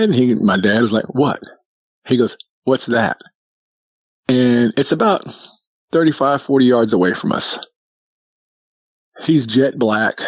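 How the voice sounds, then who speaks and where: A man's voice: slightly rough, dry recording. A man telling a childhood story in casual conversation, lifting his voice to act out what his family said. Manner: acts out family dialogue with raised pitch. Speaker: guest telling a sighting story.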